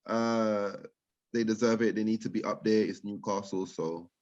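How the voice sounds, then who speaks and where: A man's voice: fairly low pitch, fairly even intonation, moderate pace, darkish tone. Casual male co-host, hesitant restarts, muffled lo-fi call audio. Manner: hesitant, repeats words as he thinks. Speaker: co-host of a football chat show. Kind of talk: casual football chat.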